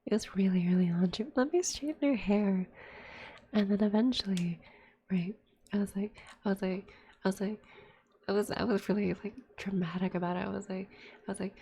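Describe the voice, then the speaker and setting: A woman's voice: mid-range voice, steady tone, fairly quick, creaky, dark tone, a little hiss or hum. A sick woman streamer in a whispered ASMR chat, rambling casually and swearing a lot between whispers.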